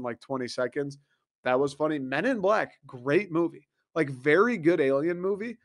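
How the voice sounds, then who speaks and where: A man's voice: medium pitch, no room sound, clean studio sound. A young man hosting a solo podcast, rambling casually, swearing freely and acting out little voices as he talks. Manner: rambling, profane, acts out voices. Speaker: podcast host.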